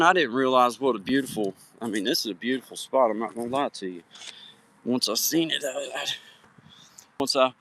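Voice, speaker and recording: A man's voice: mid-range voice, fairly bright tone. A man from Virginia, chatting casually with live viewers from a hiking trail on his phone, folksy and friendly with greetings by name. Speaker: livestream host. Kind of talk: casual live-stream chat. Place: outdoors on a hiking trail at sunset. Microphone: phone held for a live stream.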